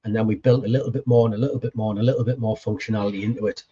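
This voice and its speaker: A man talks in a relaxed, chatty way on a podcast, swearing freely and acting out old conversations line by line. His voice is warm and mellow with a husky edge. The audio sounds dull and lo-fi. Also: lowish voice, racing. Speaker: podcast co-host appearing as guest. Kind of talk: casual storytelling chat.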